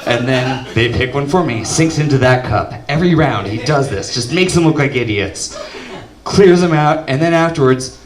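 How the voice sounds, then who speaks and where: A young man doing stand-up, telling a story deadpan and shouting the punchlines. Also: medium pitch, normal speed, crowd noise. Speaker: stand-up comedian. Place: comedy club stage. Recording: roomy club audio from a distance. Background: audience laughter.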